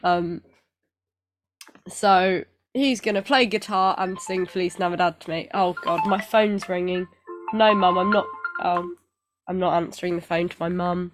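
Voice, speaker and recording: A woman's voice: lowish voice, fairly even intonation, unhurried, music in the background. A woman co-hosting a casual podcast, rambling and self-deprecating with lots of fillers, getting over feeling unwell. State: recovering from illness. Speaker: podcast co-host. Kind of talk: casual chat.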